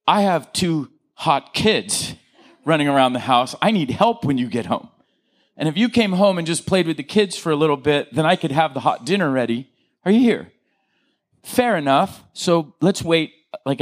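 A middle-aged man leads a relaxed teaching talk in a slightly higher register than most men. He speaks in a loose, conversational way, acts out example phrases and keeps turning to his audience with questions. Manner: animated, acts out example quotes, checks in with the audience.

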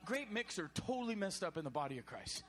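A man preaching a sermon, animated and exhorting, sometimes shouting. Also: sits high, fast talker.

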